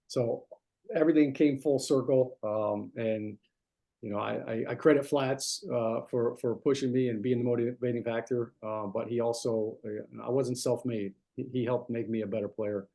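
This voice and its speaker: A man's voice: mid-range voice, steady tone, normal speed, creaky, mellow. A middle-aged man from New Jersey, a guest speaker telling stories in a conversational way, full of fillers and restarts. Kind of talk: anecdotal storytelling talk.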